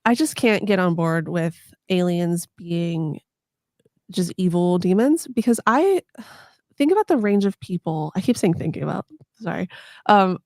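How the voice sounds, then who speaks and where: A woman's voice: fairly low pitch, lively intonation, a little slow, darkish tone, dry recording, studio quality. A woman hosting a podcast in casual chat, playful and sarcastic, swearing freely and acting out silly voices. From United States. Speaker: podcast host.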